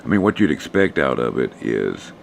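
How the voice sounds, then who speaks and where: Very deep hoarse man. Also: normal speed, a little hiss or hum. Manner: relaxed, rambling, talks to chat viewers. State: losing his voice, hoarse. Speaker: stock trading streamer. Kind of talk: casual live stream commentary.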